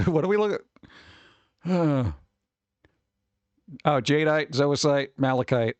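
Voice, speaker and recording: A man's voice: a little high, slow pace, pauses often, no room sound. A man streaming live, reading holidays aloud and cracking jokes in a casual, playful way. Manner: joking, playful, riffing.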